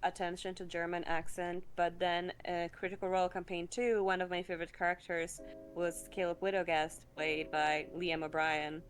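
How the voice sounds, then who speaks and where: A woman's voice: fairly low pitch, level tone, moderate pace. A woman chatting casually on an art stream, enthusiastic and rambling, with a lot of "like" in her talk. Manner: enthusiastic, rambling, heavy use of "like". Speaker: co-host streamer. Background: faint background music.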